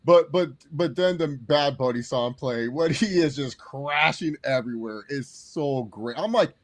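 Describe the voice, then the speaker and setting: An excitable man with a fairly high voice, talking fast and loose in a casual movie review chat. He swings his voice up and down, acting out bits of scenes as he goes. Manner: excitable, animated, acts out quotes. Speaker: podcast co-host.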